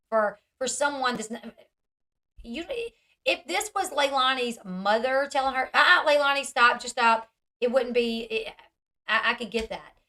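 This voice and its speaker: A woman hosting a commentary vlog in a bright, forceful voice, pitched a little high. She is blunt and opinionated, with a sarcastic edge. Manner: blunt, sarcastic, mimics others mockingly. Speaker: commentary channel host.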